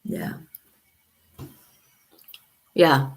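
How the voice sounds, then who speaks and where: A woman with children chatting casually on a livestream, giving blunt opinions and swearing freely. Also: extremely slow. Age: adult with children. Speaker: livestream host.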